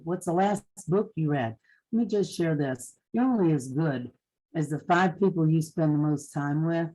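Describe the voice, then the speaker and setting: An older woman with a soft Eastern Kentucky accent speaks to a conference audience of realtors. Her voice is mellow and warm, and her delivery is folksy and down-to-earth as she gives practical advice. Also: low voice, rough recording. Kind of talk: motivational conference talk.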